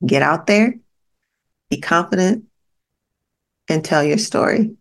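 A woman's voice: fairly low pitch, animated, takes it slowly, creaky. A woman hosting a podcast, giving a blunt, profane motivational monologue that repeats its points straight at the listener. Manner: blunt, profane, pep-talk delivery; emphatic repetition to the listener. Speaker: podcast host.

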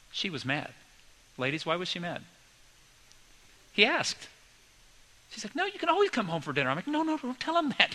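Bright-voiced man preaching conversationally. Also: medium pitch, rough recording. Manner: conversational storytelling with lively quoted voices. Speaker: pastor. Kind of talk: sermon.

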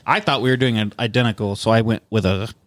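A man's voice: on the low side, fast, no echo. A man co-hosting a casual podcast, joking loosely and swearing a lot. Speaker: podcast co-host. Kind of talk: casual crude banter.

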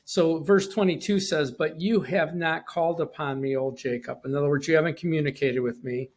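A man's voice: a little high, fairly even intonation, brisk. A man giving a short devotional Bible teaching, talking conversationally with frequent restarts and asides.

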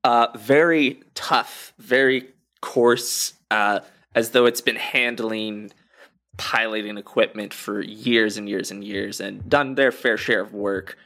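A man narrating as game master for a tabletop game, unhurried, with frequent fillers. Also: lowish voice, fairly even intonation, a bit bright.

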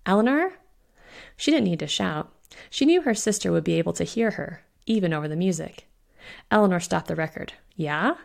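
A woman reading her own short story aloud in a steady, expressive storytelling voice. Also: lowish voice, brisk, gravelly. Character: witch Fiona voiced in own voice.

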